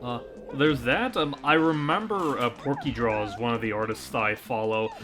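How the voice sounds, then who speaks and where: A man in casual group game commentary, talking hesitantly with many pauses and fillers. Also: medium pitch, fairly bright tone, faint music behind. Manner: hesitant, lots of ums and uhs. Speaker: let's play commentator.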